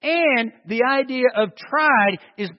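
Animated high-voiced preacher in a reverberant hall. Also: male voice, takes it slowly. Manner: animated, full of rhetorical questions. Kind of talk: sermon. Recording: dull lo-fi with long hall reverb.

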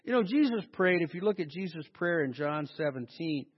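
A man preaching a sermon as pastor, animated and sarcastic, with mocking asides to the congregation. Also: a little high, a little fast, breathy edge, long reverb tail, muffled recording.

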